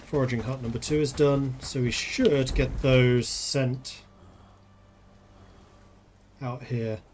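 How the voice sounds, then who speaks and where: A man's voice: mid-range voice, steady tone, slow pace, darkish tone, a little hiss or hum. A man streaming a game, casually thinking aloud and playing with wordplay. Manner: musing aloud, playful with wordplay. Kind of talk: casual live-stream gameplay commentary.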